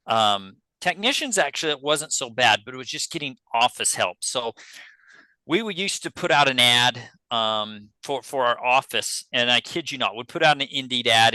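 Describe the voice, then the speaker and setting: A man's voice: medium pitch, sharp tone, no room sound, low-quality recording. A man, a podcast guest telling a business story casually and acting out the dialogue he quotes. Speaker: podcast guest, pest control business owner.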